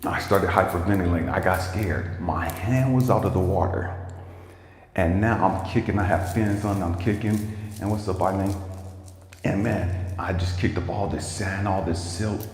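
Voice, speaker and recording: A man's voice: sits low, moderate pace. A man, a life coach, telling a livestreamed motivational story in an emphatic, casual way, swearing freely and talking straight to his viewers. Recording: echoey room with long reverb and faint noise.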